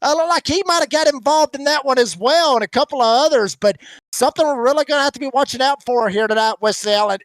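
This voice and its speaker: Guy calling a sim race, pretty high voice, gets fired up. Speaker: race commentator. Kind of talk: sim racing broadcast commentary.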